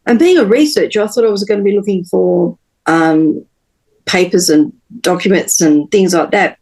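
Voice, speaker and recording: A woman, a podcast guest telling her personal story in an earnest, halting way with many pauses and restarts. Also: fairly low pitch, a little mellow, poor audio.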